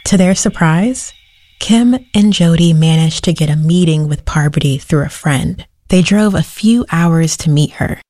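A woman giving calm, scripted narration that links the story together. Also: sits low, unhurried, dry recording, clean studio sound.

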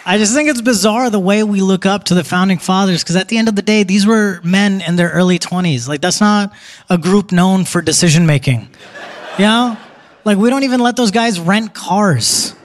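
A young man doing a stand-up set in a theater, chatty and quick, slipping into put-on voices for quotes. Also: high-pitched. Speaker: stand-up comedian. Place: theater stage before a live audience. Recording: live theater with crowd noise.

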